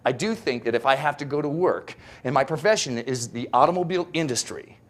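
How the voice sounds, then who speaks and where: A man giving a motivational speech, with animated storytelling and rhetorical questions. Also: on the high side. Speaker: motivational speaker.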